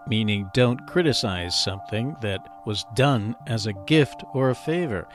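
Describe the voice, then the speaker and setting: A man's voice: medium pitch, sing-song, a little slow, music in the background. Playful man explaining idioms. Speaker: podcast host. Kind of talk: scripted educational podcast.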